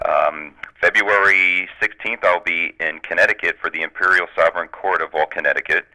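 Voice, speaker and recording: A man's voice: low voice, steady tone, brisk, pushed and bright. A man in his forties calling in by phone, chatting eagerly with small stumbles. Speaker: phone-in guest. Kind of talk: casual phone chat. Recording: tinny phone line.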